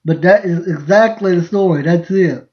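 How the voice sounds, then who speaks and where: A podcast host with a high voice talks at a moderate pace on a relaxed live stream. Laughing as he goes, he wanders through family stories and restarts sentences midway, all in a dull, lo-fi recording.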